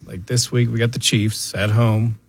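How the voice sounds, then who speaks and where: A man's voice: on the low side, little pitch movement, moderate pace, slightly rough. A man co-hosting a sports radio show, teasing the host and running through the schedule. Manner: teasing, wisecracking. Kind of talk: casual sports radio banter.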